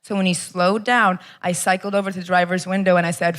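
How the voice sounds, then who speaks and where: Young American female stand-up, crisp bright tone, brash crowd work. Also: on the low side, fairly even intonation, fast talker. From Los Angeles area, US. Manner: brash, swearing, crowd-teasing. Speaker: stand-up comedian. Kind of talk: stand-up comedy set. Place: comedy club stage with live audience.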